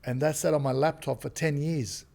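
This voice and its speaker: An Australian man, a comedian and actor, chatting as a podcast guest and telling animated stories. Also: fairly high pitch, normal speed, gravelly. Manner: animated storyteller who acts out quotes. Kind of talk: casual interview chat.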